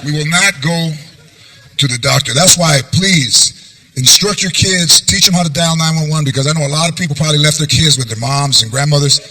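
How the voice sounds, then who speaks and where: A male stand-up comedian telling animated family stories, mixing in Spanish phrases. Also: on the high side, fairly quick, poor audio.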